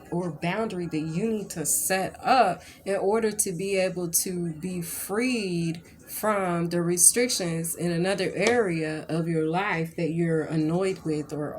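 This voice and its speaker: A woman's voice: on the low side, a little hiss or hum. A woman who reads tarot, telling a rambling story in a chatty, ranting way and checking in with "okay?" again and again. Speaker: tarot reader. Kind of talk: casual storytelling tarot reading.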